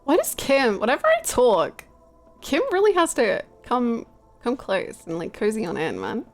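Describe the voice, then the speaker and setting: A woman's voice: on the high side, normal speed. Chatty young woman streamer over game music. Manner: chatty, laughing, animated storytelling. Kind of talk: casual chat while playing a game.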